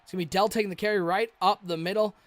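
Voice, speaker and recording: Rapid-fire and high-voiced, a man calls the action live on a video game football stream with no room sound. Big plays get excited calls from him, and he talks with viewers in the gaps between plays.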